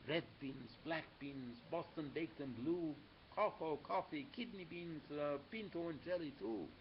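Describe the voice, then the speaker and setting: A man voicing a small, excitable male chihuahua who chatters fussily in a storybook. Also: a little high, measured pace, lo-fi sound, a little hiss or hum, natural voice. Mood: fussy.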